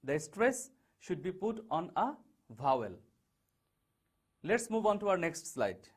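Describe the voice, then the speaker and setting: Lively-pitched teacher stressing words. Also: male voice, husky. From Bangladesh. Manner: slow, stressing key words one at a time. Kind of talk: online English lesson over slides.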